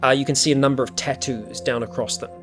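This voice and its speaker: A man's voice: mid-range voice, fairly even intonation, fast talker, music in the background. A man narrating a tabletop game as game master, describing scenes in a rambling way full of fillers.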